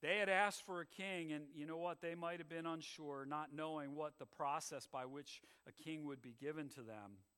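A man's voice: on the high side, moderate pace, hardly any pauses, fairly bright tone, clean tone, big-room sound. A man preaching a sermon with an emphatic cadence that swells and drops. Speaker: pastor.

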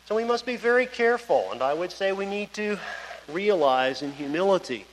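Male preacher, conversational sermon with anecdotes, high pitch, big-hall reverb. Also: lively intonation, moderate pace, a little hiss or hum. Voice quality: conversational, digressive, storytelling.

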